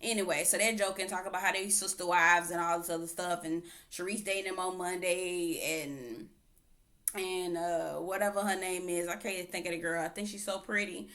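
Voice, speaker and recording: A woman's voice: fairly low pitch, steady tone, moderate pace, a bit bright. A woman recapping a reality TV show in a casual, gossipy way, quoting people in exaggerated voices and laughing often. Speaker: TV reviewer vlogger. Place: home, on camera.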